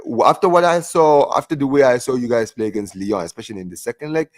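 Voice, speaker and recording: A chatty man in a casual football debate who keeps checking in with the listener. His voice is at a plain middle pitch. It is recorded dry and close. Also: quick pace, no echo.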